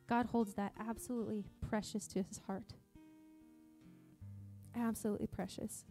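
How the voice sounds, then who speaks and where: A woman's voice: medium pitch, warm tone. A woman from Montana preaching a sermon in a church service, earnest and conversational, often restarting her sentences. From Montana, USA. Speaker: pastor.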